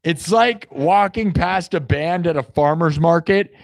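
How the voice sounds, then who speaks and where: A man's voice: on the high side, measured pace, creaky. A man hosting a livestream, chatting loosely with his viewers and reading their comments aloud, full of "like" and "dude". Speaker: livestream host of an improvised music show. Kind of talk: casual chat reading live comments.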